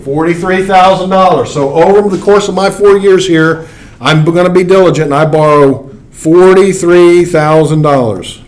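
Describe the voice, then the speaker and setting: He's a college instructor in his forties, originally from Arkansas, whose voice sits high as he talks at a moderate pace. His lecture is conversational and full of questions for the class, recorded from a distance in an echoey classroom.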